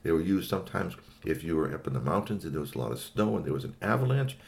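Man, storyteller, deep voice, gravelly, lively up-and-down delivery, chatty asides. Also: fast talker. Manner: animated, swoops into high exclamations, chatty asides. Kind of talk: children's story narration.

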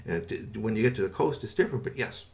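A man voicing a steady, knowledgeable grown man who explains things in a measured way. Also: lowish voice, gravelly. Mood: calm.

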